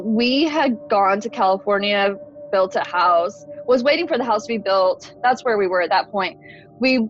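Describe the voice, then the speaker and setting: A woman's voice: mid-range voice, highs cut off. A woman in her forties from Texas, telling a personal story as a podcast guest in a conversational way, full of "like" fillers.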